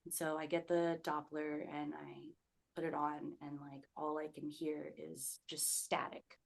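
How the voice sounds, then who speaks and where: A young woman with a low-pitched voice speaks as a guest on a podcast. She tells her own story in a loose, conversational way, full of "like" fillers, and acts out the quoted words of the people in it. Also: completely flat delivery, measured pace, vocal fry. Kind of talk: personal storytelling.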